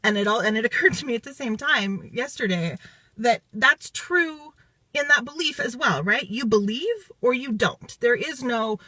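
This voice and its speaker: A woman's voice: fairly high pitch, expressive, normal speed, bright, forceful tone, slightly rough, no room sound. A woman giving an emotional live video testimonial after a retreat, swearing freely and close to tears. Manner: swearing, intense, near tears.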